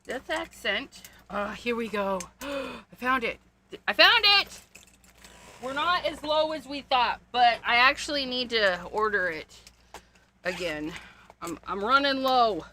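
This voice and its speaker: A woman's voice: on the high side, unhurried, bright, forceful tone, a little hiss or hum. A woman hosting a casual card-making livestream, chatting to viewers while she rummages through paper and supplies, with frequent gasps and little laughs.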